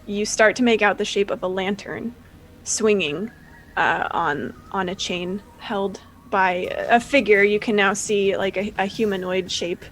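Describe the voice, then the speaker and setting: A woman acting as game master for a tabletop game narrates in a relaxed manner with lots of fillers. Her voice is mid-range and a little slow, and the audio is poor.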